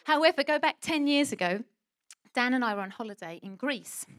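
Animated woman preaching. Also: high-pitched, brisk, dry recording. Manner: animated storytelling, acts out quoted voices. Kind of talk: sermon with personal story.

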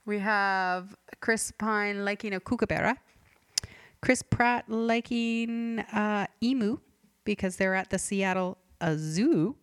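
Rambling deadpan woman podcast host. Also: mid-range voice, slow, clean tone, no echo, clean studio sound. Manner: rambling, self-interrupting, forgetful. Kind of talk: deadpan comedic podcast monologue.

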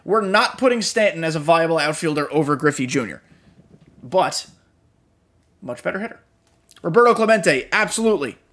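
A man's voice: a little high, expressive, moderate pace, long pauses, a bit bright. A young man hosting a podcast, talking casually and bluntly, often swearing, and tired after a long day. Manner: blunt and profane, frustrated asides. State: tired, yawning. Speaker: podcast host. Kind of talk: casual gaming commentary.

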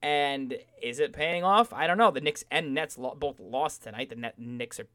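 A man's voice: mid-range voice, normal speed, pushed and bright. A man co-hosting a casual sports podcast, talking animatedly and mocking fans with sing-song asides.

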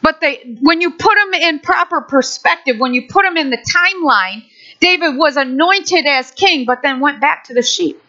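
A woman preaching a sermon, animated, acting out a story for her listeners, on a dull lo-fi recording. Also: high-pitched, moderate pace.

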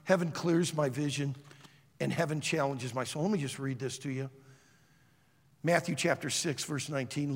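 A man preaching to college students, telling a story in a loud, animated way. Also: on the high side, normal speed, long reverb tail. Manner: animated storyteller, shouts quoted lines. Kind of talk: sermon with a story.

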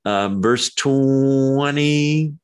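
A man preaching through a passage in a relaxed, conversational way. He gets animated and lifts his voice high when he acts out quoted lines, and he scatters ums between points. His voice sits at a middle pitch. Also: very slow, smooth. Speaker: pastor. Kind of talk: expository sermon.

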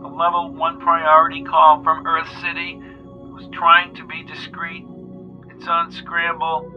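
A man's voice: fairly high pitch, completely flat delivery, unhurried, highs cut off, soft background music, close to an everyday voice. A man voicing a terse station computer. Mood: clipped. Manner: clipped, matter-of-fact.

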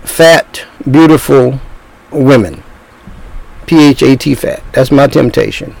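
An older man preaching a sermon at a middle pitch. His voice is gravelly and rough, and his delivery is blunt and rambling. He circles back over his own phrases as he goes. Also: slow pace, darkish tone, rough recording. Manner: blunt, rambling, repeats himself.

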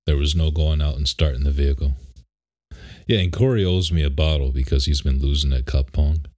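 A man's voice: a bass voice, brisk, dark tone. A young man co-hosting a podcast, chatting in a laid-back, rambling way and laughing often. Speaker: podcast co-host. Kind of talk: casual chat. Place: home office.

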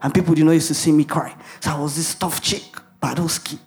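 A woman's voice: low-pitched, steady tone, fast, a little mellow. A woman preaching a sermon in an emphatic way, asking the audience rhetorical questions and laughing at herself.

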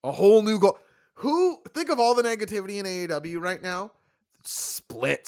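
A man hosting a wrestling review show in casual chat, animated and emphatic. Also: high-pitched, moderate pace, dry recording, clean studio sound. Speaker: podcast host reviewing wrestling.

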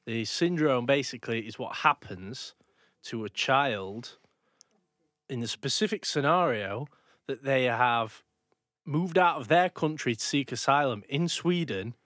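A man's voice: mid-range voice, lively intonation, unhurried, fairly bright tone, dry recording, clean studio sound. A man in a casual podcast chat, ranting, swearing and laughing a lot.

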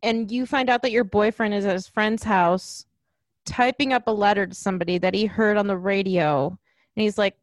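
A woman's voice: medium pitch, moderate pace, no echo. A woman ranting in casual chat about a film, acting out lines as she goes. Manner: ranting, animated, acts out quotes.

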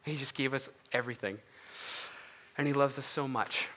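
A male pastor with a bright, forward voice gives an earnest, conversational sermon. He talks loosely, full of fillers and restarts, and moves into a prayer. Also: mid-range voice, steady tone, moderate pace. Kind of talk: casual sermon ending in prayer.

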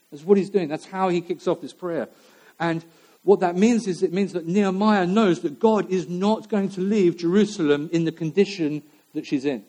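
A man's voice: sits high, normal speed, dark tone. A man preaching a sermon to his church, talking in a conversational way with fillers and repeated phrases.

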